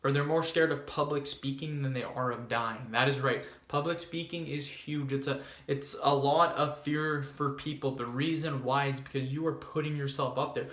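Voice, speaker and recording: Male vlogger, mid-pitch, emphatic self-help delivery with lots of repetition, recorded in a roomy space. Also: steady tone, moderate pace, hardly any pauses, fairly bright tone. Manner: emphatic and repetitive, addresses viewers as "you guys". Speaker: fitness vlogger giving speaking tips. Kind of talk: casual advice to camera. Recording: echoey room.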